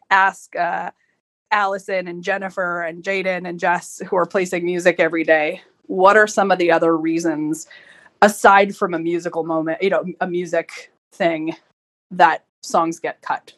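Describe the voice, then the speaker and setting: A woman moderating an online music panel, chatty and lively. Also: on the low side. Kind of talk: casual panel talk.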